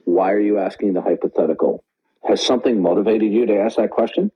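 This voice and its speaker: A man hosting a live online call-in debate, talking forcefully, often interrupting and tagging lines with "okay?". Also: fairly low pitch, quick pace, slightly rough, muffled recording. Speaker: debate room host.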